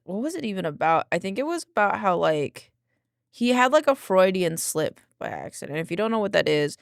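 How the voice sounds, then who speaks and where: A woman's voice: fairly low pitch, gravelly, no room sound, clean studio sound. A young woman streaming live, chatting, rambling and giggling, greeting viewers by name and muttering to herself while she works on a design. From English-speaking. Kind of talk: casual live-stream chat while working.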